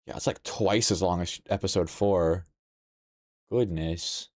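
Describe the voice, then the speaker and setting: A sleepy young man chats as he streams a game, his voice low and his pace unhurried. He stays playful, quick to exclaim and laugh even while drowsy. The sound is dry and close, with faint game music underneath. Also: dry recording. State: sleepy, yawning. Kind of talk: casual live-stream chat while playing a game.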